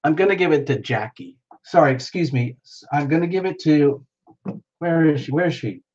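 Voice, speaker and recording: A man's voice: fairly high pitch, normal speed, darkish tone, lo-fi sound. A man hosting a casual livestream, chatting playfully with viewers and reacting to their comments. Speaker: livestream host.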